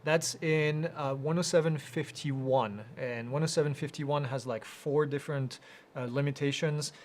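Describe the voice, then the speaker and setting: Casual, halting man answering live questions. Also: a little high, fairly even intonation. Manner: casual, halting, many fillers and restarts. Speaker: host answering viewer questions. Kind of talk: live Q&A chat.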